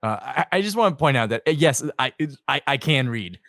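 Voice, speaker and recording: Man, tabletop player in character, lively pitch, stammers, dry close sound. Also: fairly quick, vocal fry, no room sound. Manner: stammering, animated, self-conscious. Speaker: player voicing a kid character.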